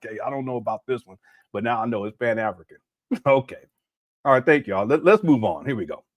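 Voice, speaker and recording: This commentary host speaks at a medium pitch and a slightly quick clip, staying animated throughout. He keeps the reaction casual, laughing, joking, and tossing out disbelieving rhetorical questions.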